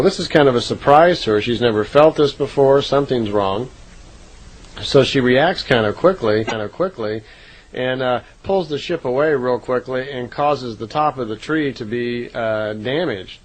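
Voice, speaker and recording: Poor audio captures a medium-pitched man recounting contact reports in an easygoing, unscripted way. He speaks conversationally, with frequent fillers and self-corrections.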